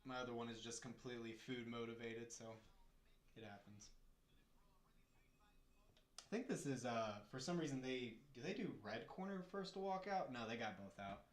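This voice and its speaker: A man's voice: medium pitch, normal speed, pauses often, slight background noise. Casual man commentating in an echoey room. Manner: chatty, jokey, reads chat aloud. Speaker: live-stream host. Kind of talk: casual live-stream commentary. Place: home room.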